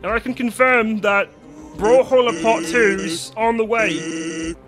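A man's voice: high-pitched, slow pace, music in the background. A man talking casually on a stream in a rambling way. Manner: rambling, then jokey shouting.

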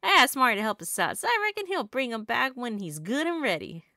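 A woman's voice: a little high, wildly swooping pitch, fast talker, pushed and bright, dry recording, clean studio sound, exaggerated voice. A woman voicing a folksy miner dad from a game, reading his lines in a put-on Southern US accent. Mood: easygoing. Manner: drawling, folksy, laid-back. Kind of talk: reading game dialogue aloud.

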